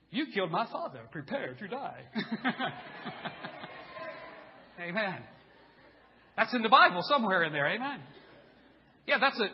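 A man preaching a sermon as pastor in a church, telling stories in an animated way and acting out voices. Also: very high voice, big-room sound, muffled recording. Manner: animated storytelling, acts out voices.

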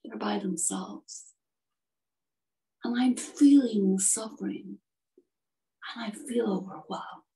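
Woman doing a grieving statue prince, hushed. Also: medium pitch, takes it slowly, pauses often. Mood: sorrowful. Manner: soft, hushed and sorrowful. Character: sorrowful male prince statue, gentle and grieving. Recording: distant from the mic.

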